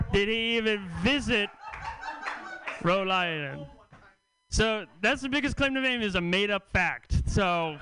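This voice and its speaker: A man hosting a comedy festival and doing a stand-up set, deadpan and teasing, with stammered restarts. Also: high voice, vocal fry, background noise. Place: comedy club stage.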